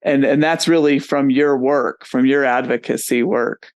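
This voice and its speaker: Male interview host, smooth clear voice, dry close recording, encouraging. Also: medium pitch, fairly even intonation, a little slow, no room sound. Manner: agreeable, encouraging questioner. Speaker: podcast host. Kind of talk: podcast interview.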